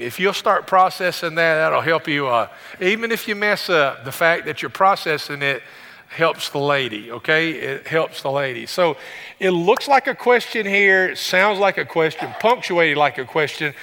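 Preaching in a big church with a long reverb, a male pastor uses a bright, forceful voice pitched slightly higher than is typical for a man. His pace is measured, and he stays conversational, throwing joking asides to the congregation.

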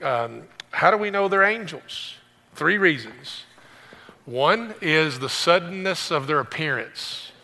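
Bright-voiced male pastor in echoing church. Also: on the high side, animated, slow pace, gravelly. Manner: conversational, joking asides to the congregation. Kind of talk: sermon.

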